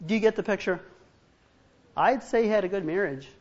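A man's voice: sits high, brisk, darkish tone. A male preacher delivers a sermon with humor. He acts out Bible scenes and household arguments in different voices. The recording sounds dull and muffled. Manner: humorous asides to the congregation.

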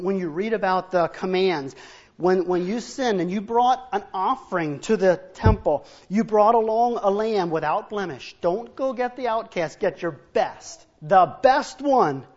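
A male preacher giving a sermon, telling Bible stories, acting out dialogue in different voices and adding humorous asides for the congregation. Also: high voice. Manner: storytelling, acts out biblical and household dialogue in different voices. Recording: dull, muffled recording.

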